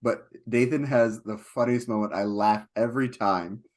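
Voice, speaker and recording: A man co-hosting a film podcast, talking casually and at length, getting animated when he retells scenes. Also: on the low side, normal speed. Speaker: podcast co-host.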